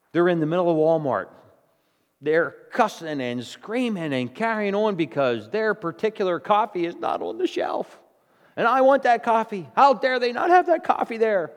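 A man delivers a sermon in a casual, down-to-earth way, tossing in "all right?" to keep his congregation with him. His voice sits a little high for a man. The long reverb of a big church hall trails behind every word. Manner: conversational, plain-spoken, with frequent "okay?" and "all right?" check-ins. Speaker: pastor.

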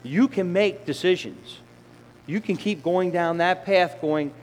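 A middle-aged man delivers a conversational sermon and now and then slips into the voices of sinners and children. His voice sits a little high. It rings with long reverb through a church hall, over a faint room hum. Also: measured pace. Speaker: preacher.

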